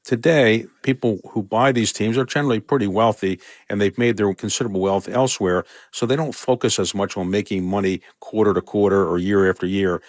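Older man from Baltimore, interviewee, measured and conversational, lowish voice, dry sound. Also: fairly even intonation, dry recording. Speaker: interviewee, sports team owner. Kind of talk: radio interview answers.

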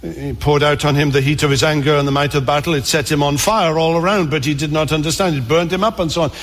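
Male preacher, fairly high voice, earnest, repeating phrases for emphasis, long hall reverb. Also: fairly even intonation, fast. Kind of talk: sermon.

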